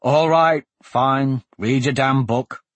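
A man voicing a brash, restless young swordsman in a storybook reading, loud and teasing. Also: mid-range voice, slow, no echo, voice pushed up.

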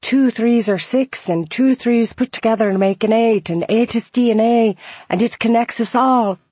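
Lady doing a giddy scottish guy, high sing-song, loud and excited, in a memoir reading. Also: measured pace, breathy edge, no room sound.

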